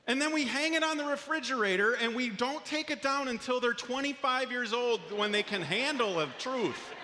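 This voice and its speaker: A man's voice: very high voice, moderate pace, hardly any pauses, pushed and bright, long reverb tail. A man preaching a sermon as a pastor, in an earnest, conversational way with small restarts, in a church auditorium.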